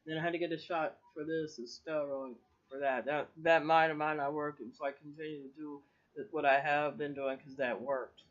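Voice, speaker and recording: A woman's voice: low voice, steady tone, normal speed. Rambling, profane woman on lo-fi video. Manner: rambling, profane, laughs often. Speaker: vlogger. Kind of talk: casual rambling vlog monologue.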